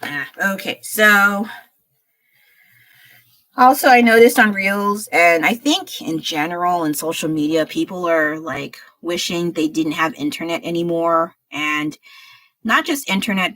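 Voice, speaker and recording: Low-voiced woman rambling on a stream. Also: a little slow, a bit bright, dry recording, poor audio. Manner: rambling, sighing and laughing. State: under the weather. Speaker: art livestreamer. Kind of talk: casual chat while painting.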